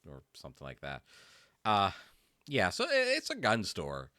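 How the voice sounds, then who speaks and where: Relaxed, bright-voiced male game master. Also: on the low side, moderate pace, dry recording, clean studio sound. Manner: easygoing, rambling, full of fillers. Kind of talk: casual narration of a tabletop game.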